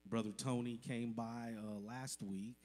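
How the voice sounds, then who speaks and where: A church member with a medium-pitched, slightly mellow voice addresses his congregation at a measured pace and fairly even intonation. During the service he gives a heartfelt testimony, emotional and full of gratitude.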